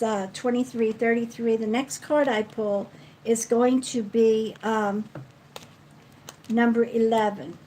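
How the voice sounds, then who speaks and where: Slow-talking psychic woman. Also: on the high side, slight background noise, poor audio. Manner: slow, chatty, counts cards aloud softly. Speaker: psychic reader. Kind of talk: live card reading.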